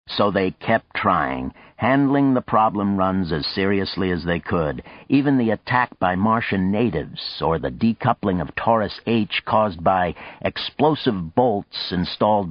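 A man narrating a novel in an audiobook with a measured, even storytelling manner and a muffled, dull sound. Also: low voice, no echo. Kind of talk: scripted narration.

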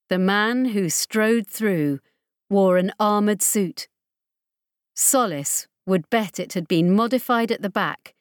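A woman narrating an audiobook in a measured, dramatic reading. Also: medium pitch, no echo, clean studio sound. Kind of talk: scripted narration.

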